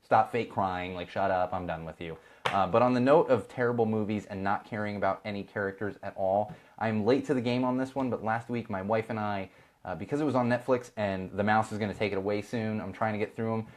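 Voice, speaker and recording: He's a fast talker with a lowish voice and fairly even intonation: a Chicago podcast host in his thirties. In casual live-stream chat he goes on rants, adds sarcastic side comments, and mimics people.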